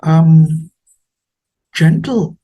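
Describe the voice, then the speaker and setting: A man giving a sermon, telling a story in a lively, animated way. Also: fairly high pitch, extremely slow. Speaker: speaker at a temple talk.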